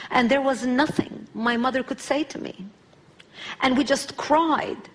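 A woman, giving a public speech as an emphatic personal testimony. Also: a little high. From Lebanon. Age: 40s. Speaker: speaker.

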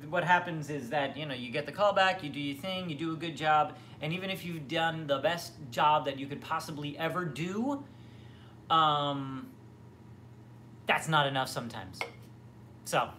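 A man's voice: a little high, fairly bright tone, slight background noise. A young man hosting a casual livestream from his home kitchen, chatting in a rambling way with lots of fillers and restarts as he answers viewers. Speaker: livestream host. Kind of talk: casual livestream chat reading comments. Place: home, near the kitchen fridge.

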